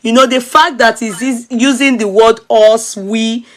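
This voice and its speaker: A woman's voice: fairly high pitch, steady tone, a little slow. A Nigerian woman hosting a commentary chat, switching into Yoruba and asking pointed questions, laughing often. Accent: Nigerian, mixing Yoruba.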